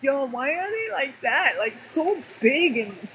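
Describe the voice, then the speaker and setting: A woman's voice: sits high, very animated, slow pace. A woman filming a thunderstorm from an outdoor balcony on her phone, gasping and exclaiming, shrieking when strikes land close. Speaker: person filming a storm. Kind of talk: excited live commentary. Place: eighth-floor balcony outdoors in a storm. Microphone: phone held in hands. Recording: loud rain noise on a phone mic.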